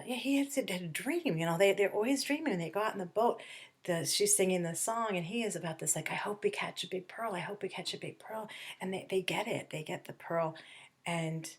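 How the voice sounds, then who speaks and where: A middle-aged woman teacher talking through a novel for her class at a distance, rambling casually with fillers and restarts. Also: lowish voice. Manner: acts out characters' lines in quick bursts. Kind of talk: remote lesson talk on a novel.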